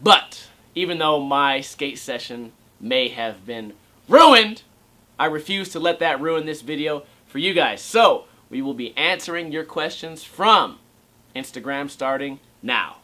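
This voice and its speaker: A man's voice: fairly high pitch, lively intonation, unhurried, bright, forceful tone. A young man vlogging about skateboarding at home, ranting sarcastically and swearing, and he often mocks other people's voices. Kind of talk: casual ranting vlog.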